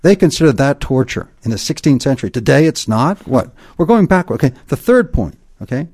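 A man's voice: mid-range voice, big pitch swings, fairly quick, a little mellow, slightly rough. A man explaining points emphatically in an interview, lecturing and often tagging points with "okay?". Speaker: guest expert.

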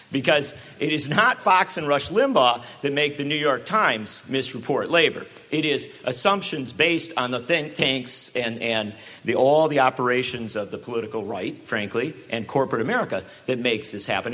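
Animated, sarcastic male speaker. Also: fairly high pitch, slightly rough. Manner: sarcastic, animated, with many asides. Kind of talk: public talk.

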